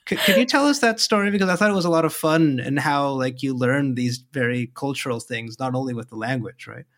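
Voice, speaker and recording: An interviewer with a voice of ordinary pitch, chatting casually with a guest. The questions are curious and friendly, and phrases often end in a quick "right?" to check in. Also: fairly bright tone.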